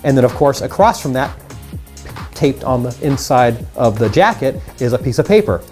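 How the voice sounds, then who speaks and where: A man's voice: mid-range voice, expressive, normal speed, darkish tone, faint music behind. A man teaching mind reading magic tricks in a casual, upbeat tutorial, chatting straight to the viewers.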